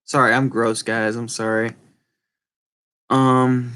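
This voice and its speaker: A man with a speech impediment chatting casually and rambling to viewers, halting and apologetic, often restarting his words. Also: medium pitch, level tone, a bit bright, clear, resonant tone. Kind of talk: casual rambling livestream chat.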